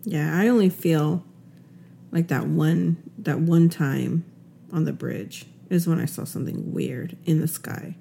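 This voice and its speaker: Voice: mid-range voice, a little slow, gravelly, dark tone, a little hiss or hum. A co-host chatting casually and self-mockingly about a past scare. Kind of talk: casual chat.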